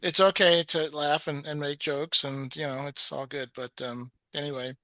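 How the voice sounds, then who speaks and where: A man's voice: a little high, little pitch movement, moderate pace, bright, forceful tone, no echo. A man presenting in a webinar, telling a story in a chatty way with many restarts and quoted voices.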